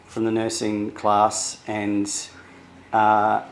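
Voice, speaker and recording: A middle-aged man from New Zealand talking candidly in a personal vlog, halting and emotional, with many restarts. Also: fairly low pitch, flat delivery. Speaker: vlogger sharing therapy progress.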